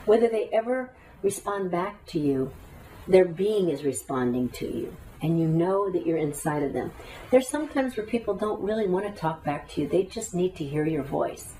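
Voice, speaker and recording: A woman teacher with a low, mellow voice gives an earnest, talkative lesson and leads breathing exercises. She sits some way back from the microphone, and a faint ambience hangs behind her. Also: expressive, normal speed, recorded from a distance, a little hiss or hum, rough recording. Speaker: meditation teacher. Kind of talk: spoken teaching to a class.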